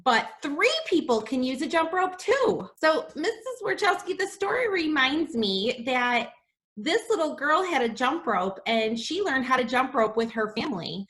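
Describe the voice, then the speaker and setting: A high, bright woman's voice leading a reading lesson for young children. She is animated, gasps in delight and sounds out letters slowly. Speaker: kindergarten teacher.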